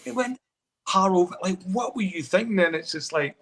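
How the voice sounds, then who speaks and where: A man, a podcast co-host, giving animated football opinions with lots of fillers in casual chat. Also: sits high, normal speed, gravelly.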